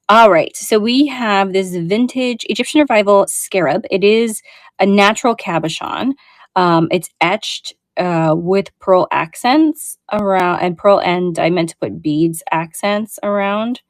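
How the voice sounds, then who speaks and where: A woman's voice: medium pitch, a little slow, dry recording. Chatty woman selling vintage brooches. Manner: chatty, warm asides, lots of fillers. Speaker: online vintage jewelry seller. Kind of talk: casual live selling show.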